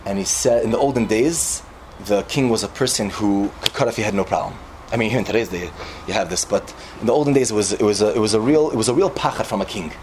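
In an informal sermon, a yeshiva speaker with a fairly low voice tells a parable in lively, animated fashion, talking fast and sprinkling Hebrew and Yiddish words through his casual speech. The audio is poor, with a faint hiss underneath.

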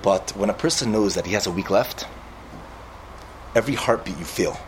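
A man giving an informal sermon, telling a parable in an animated storytelling manner and mixing in Hebrew and Yiddish words. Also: fairly low pitch, normal speed, slight background noise, rough recording. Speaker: yeshiva speaker.

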